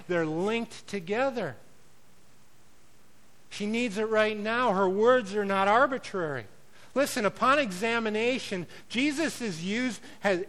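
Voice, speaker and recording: A pastor delivers a sermon in a high-pitched voice, pressing his points with force. He rises to loud declarations, then drops to quiet, conversational asides. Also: low-quality recording. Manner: emphatic preaching that swings between loud declarations and quiet asides.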